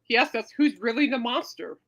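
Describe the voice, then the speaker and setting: Woman podcast host, casual rambling chat, bouncy lively pitch, fairly high voice, filler-heavy, acts out her reactions. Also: fairly quick, dull audio. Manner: rambling, animated storytelling with many fillers; dramatic re-enactment of own reactions.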